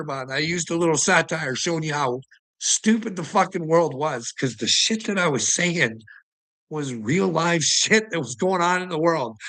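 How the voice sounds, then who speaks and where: A man's voice: on the high side, pushed and bright, poor audio. Brash swearing man. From Canada. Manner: mocking, swears constantly, laughs between lines. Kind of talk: profane ranting monologue.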